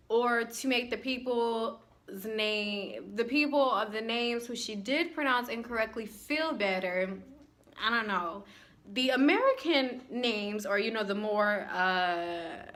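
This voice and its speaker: A young woman vlogging, telling sarcastic stories about her first day of classes and acting out the people in them. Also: fairly high pitch. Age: young adult. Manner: sarcastic, animated, acts out people she quotes. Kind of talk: casual storytelling vlog.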